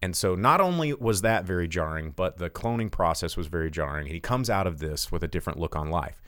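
A man's voice: low voice, animated, fairly quick, fairly bright tone, no echo. A man hosting a live podcast, rambling and cursing casually through a movie plot recap from his home studio. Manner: rambling, profane, lots of fillers. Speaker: podcast host.

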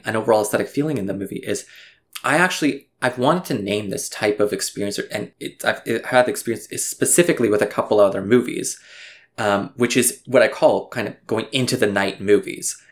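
Low-voiced man musing on movies. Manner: rambling, reflective, seeks agreement with "right?". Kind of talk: casual film discussion.

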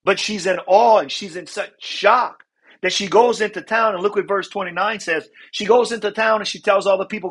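Husky high-voiced man teaching scripture. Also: fairly even intonation, a bit bright. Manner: conversational, repeats "right?" to check in with listeners; reads scripture slowly, then explains in casual talk. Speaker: Bible study teacher. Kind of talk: Bible lesson teaching.

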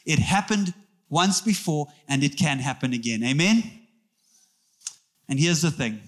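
A man preaching a sermon in a church, animated and joking with the congregation. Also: a little high, a little slow. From South Africa. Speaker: pastor.

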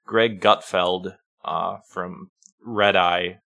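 Podcast guy, bright edgy voice, swears a lot, tells stories with energy. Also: low-pitched, drawn-out words, creaky. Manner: swearing, animated storytelling. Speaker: podcast co-host. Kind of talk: casual chat.

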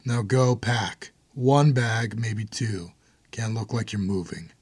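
A grim, blunt hardened brother speaks in a low, husky voice, as an audiobook narrator puts him on. He talks with quiet urgency. The sound is dry and close. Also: takes it slowly, dry recording, full character voice.

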